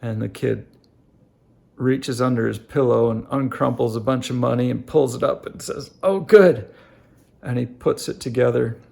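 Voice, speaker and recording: Gravelly, earnest middle-aged man. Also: medium pitch, little pitch movement, darkish tone. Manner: halting, many fillers and restarts; earnest, addresses viewers directly. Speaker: family life vlogger. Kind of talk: casual reflective monologue.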